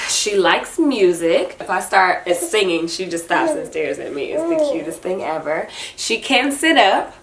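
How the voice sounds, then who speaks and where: A woman's voice: mid-range voice, sing-song, measured pace, few pauses, fairly bright tone. A young adult woman talking casually about her baby in a vlog, chatty and breaking into sing-song baby talk at home. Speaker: vlogger and mother. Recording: echoey room.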